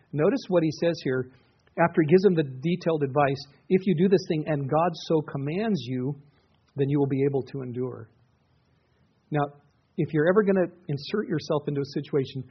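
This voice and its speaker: A man's voice: a little high, husky. A middle-aged man preaching a sermon in an earnest, conversational way, often restarting his sentences. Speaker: pastor. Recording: dull, muffled lo-fi recording.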